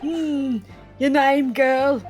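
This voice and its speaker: A woman's voice: sits high, steady tone, drawn-out words, a little mellow, faint music behind. A woman doing a pompous stern judge. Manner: pompous, scolding. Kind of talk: voicing game dialogue aloud.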